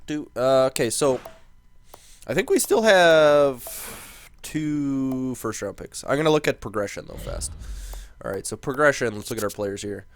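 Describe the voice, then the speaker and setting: A young man giving casual commentary while playing a hockey management game, thinking aloud and quickly swinging into exasperated rants. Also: mid-range voice. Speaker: gaming commentator.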